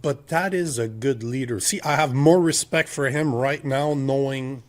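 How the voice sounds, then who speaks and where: A man's voice: mid-range voice, a little slow. A man in his forties with a French Canadian accent, French his first language, co-hosting a political podcast in an emphatic, ranting way full of rhetorical questions. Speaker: podcast co-host.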